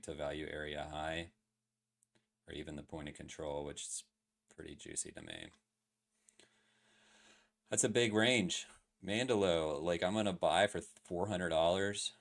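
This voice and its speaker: Very deep-voiced man analyzing charts. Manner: loose, filler-heavy, asks chat questions. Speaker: crypto trading streamer. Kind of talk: casual livestream chart analysis.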